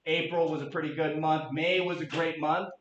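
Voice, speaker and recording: A man in his late thirties presenting a real estate market update to a room, energetic and quizzing the audience. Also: on the high side, fairly quick, background noise. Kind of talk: interactive office presentation. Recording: echoey room, dull lo-fi sound.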